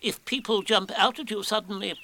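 A man's voice: high-pitched, a little fast, bright, forceful tone, pitched above the performer's own voice. A man voicing a pompous know-it-all old owl who lectures the others in a superior way, in a storybook reading.

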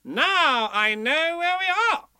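A man's voice: very high-pitched, wildly swooping pitch, normal speed, pushed and bright, no room sound, clean studio sound, voice pushed up, full character voice. A man voicing a fussy, bossy, self-important male rabbit in a storybook.

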